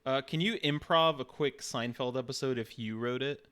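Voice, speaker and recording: Joking male streamer, mid-pitched. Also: moderate pace, a bit bright, smooth. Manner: joking, teasing, laughs often. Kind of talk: casual live-stream chat.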